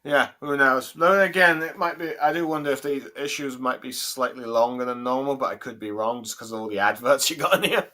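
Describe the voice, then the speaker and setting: A man's voice: medium pitch, brisk, few pauses, bright, forceful tone. A man hosting a casual comic review chat, hesitant and full of fillers, chuckling often. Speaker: podcast host.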